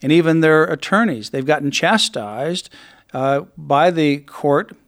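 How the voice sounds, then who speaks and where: A man's voice: on the high side, a little slow, fairly bright tone. A man hosting a radio talk show, speaking in an emphatic, indignant conversational way.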